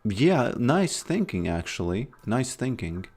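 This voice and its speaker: A man's voice: medium pitch, very animated, slow pace, darkish tone, husky, soft background music. A man casually commentating his own game on a live stream, thinking aloud and often restarting his sentences.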